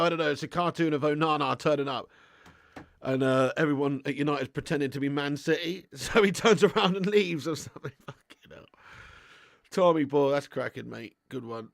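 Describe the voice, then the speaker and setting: Chatty man with a gravelly voice. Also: a little high, dry recording, studio quality. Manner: chatty, laughs often, reads out viewer comments, swears freely. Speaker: football watch-along host. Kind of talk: live casual chat and match commentary.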